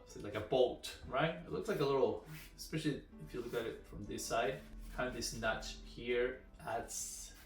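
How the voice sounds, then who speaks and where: A man's voice: mid-range voice, a bit bright. A man giving a casual running shoe review, talking loosely with fillers and restarts. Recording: echoey room, mic at a distance, faint music. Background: faint background music.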